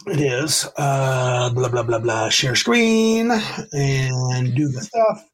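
A man's voice: mid-range voice, slow. Rambling man hosting a game podcast. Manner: rambling, self-correcting, reads rules aloud. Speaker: podcast host. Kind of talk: casual tabletop game chat.

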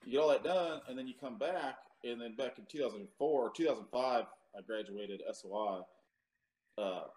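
A man's voice: mid-range voice, normal speed, darkish tone. A man in his thirties, a Marine veteran, telling his story in a casual interview with many fillers and some cursing.

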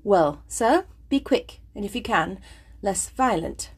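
A woman reading aloud as a composed young lady in a classic novel, speaking with firm, clipped impatience in a husky voice. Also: medium pitch, animated, slow.

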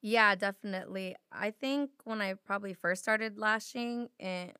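A young woman co-hosting a podcast in casual chat, her voice a bit hoarse from a sore throat. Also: mid-range voice, normal speed, dry recording, clean studio sound. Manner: relaxed, chatty, lots of fillers. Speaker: podcast co-host.

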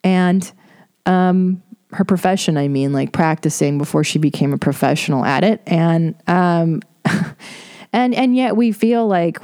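A woman's voice: fairly low pitch, measured pace, warm tone. A middle-aged woman hosting a podcast, talking in a candid, rambling way and swearing freely. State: tearful. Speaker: podcast host. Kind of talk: casual monologue.

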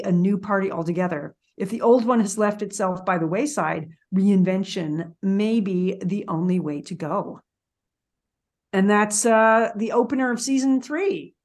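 A woman's voice: medium pitch, darkish tone. A woman hosting a podcast, recapping a TV series in casual, opinionated chat, full of "like" and "um". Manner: chatty and opinionated, with frequent "like" and "um". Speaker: podcast host.

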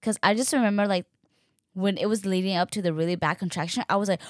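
A young woman casually telling her own story, chatty and animated, acting out what others said. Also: quick pace, dry recording, studio quality. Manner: chatty, animated, acts out quoted voices with pitch jumps. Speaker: podcast host sharing her birth story.

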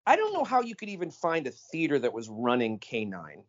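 A man co-hosting a podcast in casual chat, animated and emphatic, often cutting in. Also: medium pitch. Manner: animated, emphatic, quick to interrupt. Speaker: podcast co-host. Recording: slightly dull lo-fi audio.

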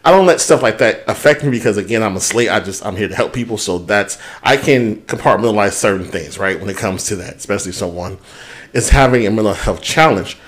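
A podcast co-host with a lowish voice talks fast in casual chat about his week. He's candid and swears freely as he works through it.

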